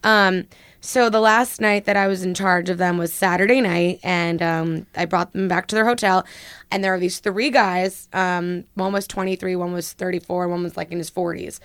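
A young woman co-hosting a podcast, telling a story with lots of fillers and a slightly hoarse voice. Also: on the low side, normal speed, no room sound. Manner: animated storyteller, many fillers. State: hoarse after a late night. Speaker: podcast co-host. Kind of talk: casual chat, storytelling.

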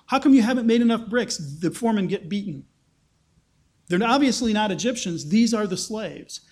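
A man preaching an expository sermon in an animated way, acting out the quotes he tells. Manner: animated, acts out quotes with rising pitch. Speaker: pastor.

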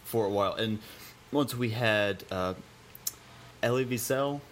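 Low-voiced man, halting and rambling. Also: a bit bright, slight background noise. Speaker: podcast host. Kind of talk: casual chat.

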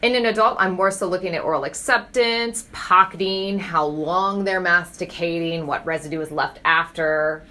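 A woman's voice: lowish voice, normal speed, hardly any pauses, pushed and bright. A woman clinician on a panel, thinking aloud and explaining her approach. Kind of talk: casual clinical panel discussion.

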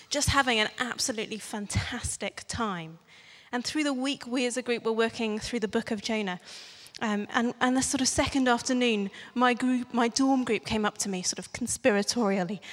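A woman's voice: on the high side, fairly bright tone. A young woman preaching a sermon in a church, chatty and playful, asking the congregation questions. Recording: long church reverb.

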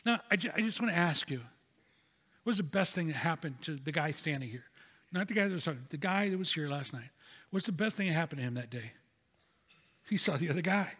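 A man's voice: fairly high pitch, lively intonation, a little fast, fairly bright tone, husky. Man, pastor, sermon, storytelling, long church reverb. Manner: earnest, storytelling, repeats key phrases. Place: church sanctuary.

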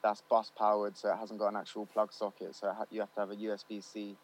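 Chatty studio engineer, slangy. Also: male voice, lowish voice, monotone, fast, low-quality recording. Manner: loose and chatty, slangy, many fillers like "you know what I mean". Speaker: studio owner and recording engineer. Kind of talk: casual interview chat.

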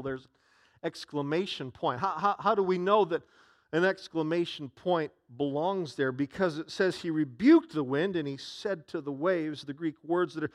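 A man preaching a sermon as a pastor, animated and dramatic, swinging from loud outbursts to hushed tones. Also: a little high.

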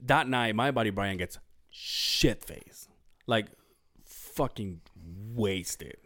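A man's voice: lowish voice, takes it slowly, a bit bright. A male podcast host telling a rambling, profane story in casual chat, acting out what people said and correcting himself as he goes.

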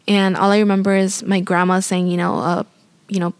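A woman's voice: mid-range voice, little pitch movement, fairly quick, smooth, no echo. A young woman tells a personal story in a loose, chatty way, leaning on "like" and "you know." Her voice sits in an ordinary middle range. The sound is dry and close, with no room around it. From Spanish-speaking family. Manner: chatty and rambling, heavy use of "like" and "you know"; apologetic and self-aware. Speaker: new mother telling her birth story. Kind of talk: casual storytelling to camera.

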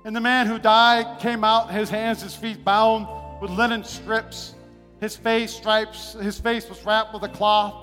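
A man preaching an impassioned sermon, swinging between shouts and hushed passages. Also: sits high, little pitch movement, a little slow. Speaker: pastor. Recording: long hall reverb, faint music.

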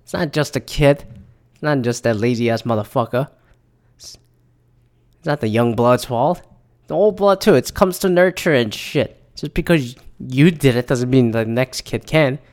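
A man's voice: mid-range voice, normal speed, darkish tone. Profane young man ranting. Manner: profane, rambling, exasperated. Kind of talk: casual ranting monologue.

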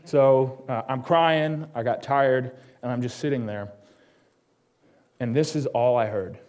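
A man delivering a personal sermon in a church, his voice sitting at a middle pitch. He tells his own story in a conversational way, tossing quick questions out to the congregation and dropping to a hushed tone on the solemn moments. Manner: drops to a hushed tone on solemn lines. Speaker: pastor.

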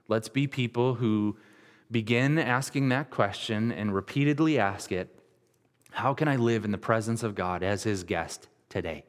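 A man's voice: medium pitch, in a large hall. A man in his thirties giving a sermon as a pastor, retelling scripture in plain, conversational words with frequent restarts.

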